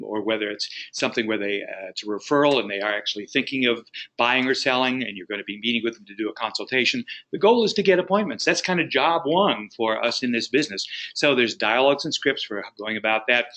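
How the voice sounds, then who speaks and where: A man teaching real estate agents on a training call, talking quickly and then slowing down to stress his points. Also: medium pitch, sharp tone. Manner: rapid talker who slows at times for emphasis; explanatory, coaching tone.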